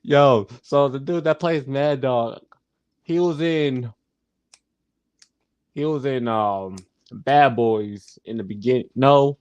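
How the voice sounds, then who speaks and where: A man's voice: mid-range voice, slow, long pauses, darkish tone, smooth, dry recording, highs cut off. A man hosting a live stream, casually recapping a sitcom episode, often laughing and restarting his phrases. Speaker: show host and TV reviewer.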